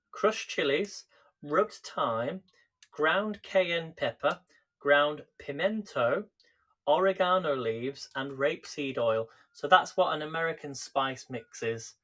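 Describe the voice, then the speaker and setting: A man's voice: fairly high pitch, fairly bright tone. A man hosting a live cooking stream, chatting casually and greeting viewers by name, recorded in a home kitchen on a camera set on a tripod.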